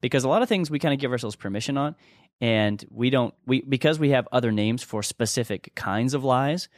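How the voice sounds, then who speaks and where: In a clean studio recording with no room sound, a man co-hosts a casual teaching podcast. His medium-pitched voice runs a little fast as he rambles earnestly, restarting thoughts and chuckling.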